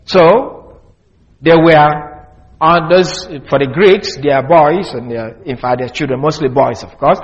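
Man preaching a teaching sermon, lo-fi. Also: on the high side. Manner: teaching, spells out words slowly. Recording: dull, lo-fi sound.

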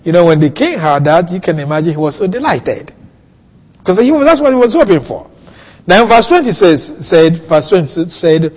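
A man preaching a sermon, teaching slowly through a Bible passage with soft chuckles and questions to his listeners. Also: high-pitched, very animated, breathy edge, in a large hall.

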